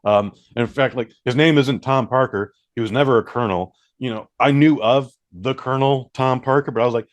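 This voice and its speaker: A man's voice: mid-range voice, brisk, hardly any pauses, no echo. A man co-hosting a podcast, chatting casually about movies and swearing now and then. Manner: relaxed, swears casually, acts out quoted reactions. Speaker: podcast co-host. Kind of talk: casual movie review chat.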